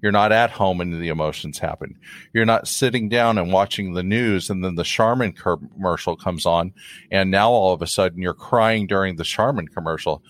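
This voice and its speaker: A male host and addiction counselor chatting earnestly about recovery. His voice sits on the low side, and the recording is dry with no room sound. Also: normal speed, no room sound. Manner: earnest, animated, conversational. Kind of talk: casual interview.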